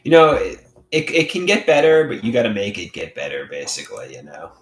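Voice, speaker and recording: A man's voice: on the low side, very animated, echoey room. Rambling man reading out his chat. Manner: rambling, reads chat aloud, halting restarts. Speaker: livestreamer. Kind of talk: casual livestream chat.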